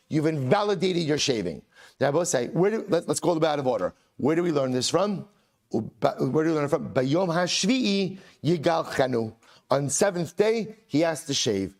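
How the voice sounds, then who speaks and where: Emphatic rabbi teaching a Talmud class. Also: male voice, fairly high pitch, a little mellow. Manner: emphatic, repeats rhetorical questions, chants Aramaic phrases slowly.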